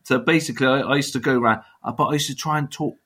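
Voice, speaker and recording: Bristolian man, 50s, chatty and blunt, bright voice. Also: medium pitch, racing. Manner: chatty, blunt, swears and laughs easily. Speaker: guest. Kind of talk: casual interview chat.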